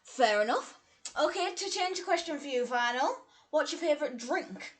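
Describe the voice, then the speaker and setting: A woman's voice: high-pitched, lively intonation, moderate pace. Chatty, slightly tipsy woman. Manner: chatty, self-deprecating, laughs easily. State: a little tipsy. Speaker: streamer. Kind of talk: casual live-stream chat.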